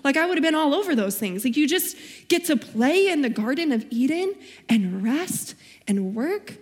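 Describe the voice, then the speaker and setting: Speaking at normal speed in a large hall, a young female guest preacher recounts her personal story with sincerity and weaves in Bible verses. Her high voice moves through wide swings in pitch.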